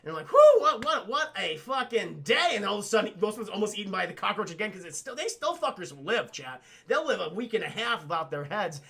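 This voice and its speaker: A young man streaming a casual, profane film recap to his chat, excitably acting out lines from the movie. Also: sits high, quick pace, gravelly, hardly any pauses, slightly rough.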